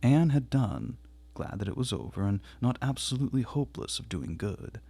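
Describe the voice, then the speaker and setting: A man reading a classic novel aloud in a measured, quiet way, with a gravelly, husky voice. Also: medium pitch, big pitch swings, no room sound. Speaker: audiobook reader.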